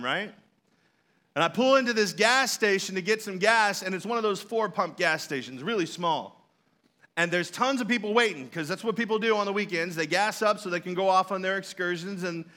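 Brief: male pastor, high bright voice, chatty storytelling sermon with playful asides.

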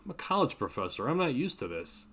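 A man's voice: mid-range voice, big pitch swings, fast talker, a bit bright, pitched above the performer's own voice. A man voicing a winded young American professor who grumbles wryly. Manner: wry, grumbling.

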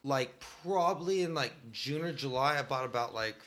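A man in casual chat, telling animated stories and swearing freely. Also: medium pitch, normal speed.

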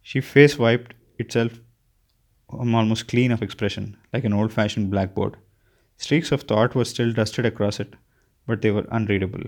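A man reading a novel aloud as an audiobook narrator, with a steady delivery and occasional slips. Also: on the low side, moderate pace. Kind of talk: scripted narration.

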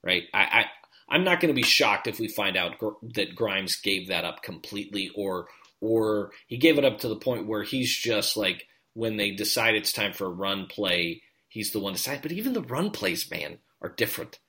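A man co-hosting a podcast in casual sports chat, animated and full of quick restarts. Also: lowish voice. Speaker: podcast co-host.

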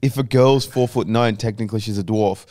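Low-voiced young man joking. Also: fairly even intonation, fairly quick, dark tone, dry recording, studio quality. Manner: teasing storyteller, crude jokes. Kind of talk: casual chat.

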